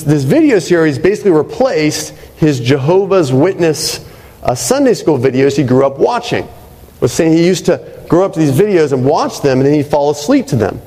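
A man's voice: on the high side, dark tone. A male pastor preaching a sermon in a conversational way, often checking in with "right?". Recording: reverberant hall.

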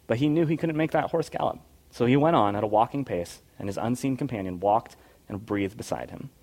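A man reading a storybook passage aloud and then drawing a devotional lesson from it, soft-spoken and earnest. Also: mid-range voice, fairly quick.

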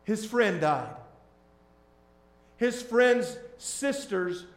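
A man preaching as a pastor, shifting between hushed, tender lines and loud, emphatic ones. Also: high-pitched, lively intonation, drawn-out words, roomy sound. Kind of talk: sermon.

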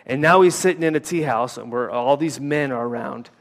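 A man's voice: mid-range voice, a little fast. An American man, a former missionary, preaching a sermon with a personal story, talking casually with many fillers and restarts. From United States. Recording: long reverb of a hall.

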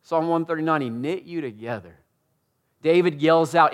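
A man preaching a sermon in a casual, conversational way, swinging from hushed lines to loud ones and slowing down hard on key phrases. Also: a little high. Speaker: pastor. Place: church room with audience.

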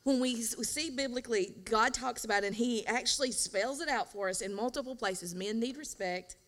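A woman co-hosting a podcast, talking about marriage in an animated, emphatic way and laughing often. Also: fairly high pitch, moderate pace. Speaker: podcast co-host, pastor's wife. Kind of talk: casual marriage advice chat.

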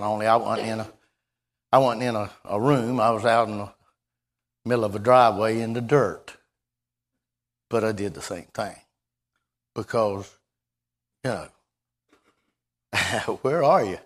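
A preacher delivers a folksy sermon in a mid-range male voice. He stumbles and repeats himself, then rises into sudden loud, emphatic bursts. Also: medium pitch.

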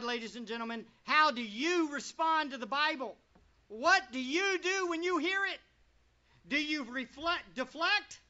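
A pastor preaching a sermon to a congregation, full of rhetorical questions and swinging between loud and quiet. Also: high voice. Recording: dull lo-fi recording.

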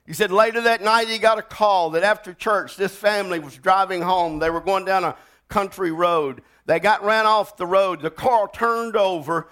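Man, preacher, dramatic sermon storytelling, slightly high pitch. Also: moderate pace, clean tone. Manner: dramatic, swings from shouting to hushed.

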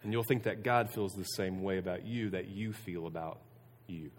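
A youth pastor giving a casual sermon to students, earnest and conversational, often restarting sentences. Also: male voice, low-pitched, steady tone, normal speed. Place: room with a student audience. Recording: long reverb of a hall.

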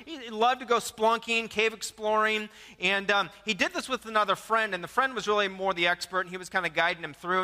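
A man with a high, forceful, sharp voice preaches a sermon, animated and storytelling, stumbling over repeated words and cracking jokes. His voice rings out with a long reverb across a church sanctuary. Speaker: pastor.

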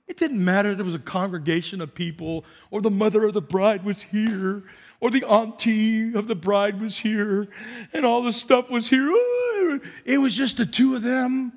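Male pastor, high voice, animated sermon storytelling, long hall reverb. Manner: animated storytelling with repetitions and asides.

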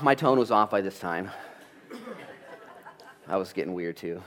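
A male pastor preaching a sermon, telling family stories with lively acted-out dialogue. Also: fairly low pitch, fairly quick. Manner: animated storytelling, acts out family dialogue.

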